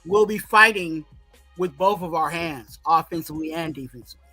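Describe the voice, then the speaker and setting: High, bright-voiced man talking sports. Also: fairly quick, soft background music, low-quality recording. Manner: rambling, repeats "you know what I'm saying". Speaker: co-host. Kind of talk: casual sports talk.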